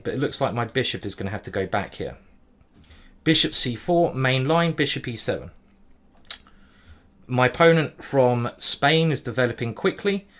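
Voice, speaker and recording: A man streaming a simultaneous chess display, thinking aloud move by move in a hurried way and humming as he ponders. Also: medium pitch, a bit bright. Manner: hurried, juggling many boards. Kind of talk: live-stream chess commentary.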